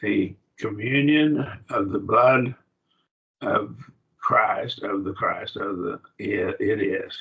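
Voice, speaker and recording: A low-voiced instructor walks his class through Greek grammar on a video call, pausing to pose questions and explaining at a slow pace. The audio is dull and lo-fi; his delivery is fairly even and carries vocal fry.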